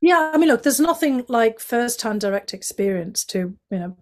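A woman from Northeast England with a Northeast English accent, a guest telling stories from her life in a chatty way, full of "you know" and lively quotes of other people. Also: on the high side, moderate pace. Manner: chatty, many "you know" fillers, animated quoting of others. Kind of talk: reflective storytelling in conversation.

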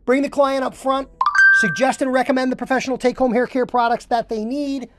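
A woman's voice: high-pitched, fairly even intonation, a little fast, a bit bright, dry recording, faint music behind. Lady podcast host drilling haircut business tips over and over, super emphatic, dry no-room sound. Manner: emphatic, repetitive, drills phrases word for word. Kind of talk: instructional podcast monologue.

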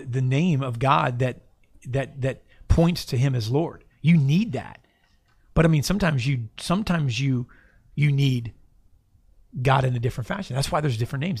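Gravelly man explaining scripture. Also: medium pitch, darkish tone. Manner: teaching, repeats and restarts phrases. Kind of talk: casual Bible discussion.

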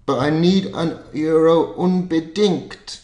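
A man's voice: lowish voice, steady tone, unhurried, gravelly, mellow, roomy sound. A man voicing a scruffy small man who begs at a bus station, blunt and demanding. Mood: insistent.

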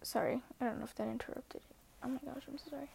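A woman's voice: high-pitched, fairly even intonation, racing, vocal fry, dark tone. A teenage girl talking earnestly and hesitantly in a casual vlog, often dropping to a half-whisper. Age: teens. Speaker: social media poster.

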